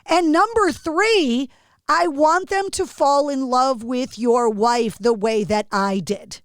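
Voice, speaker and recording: Woman, podcast host, effusive, chatty, higher pitch, dry room. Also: takes it slowly, clear, resonant tone, dry recording. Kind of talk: casual interview chat.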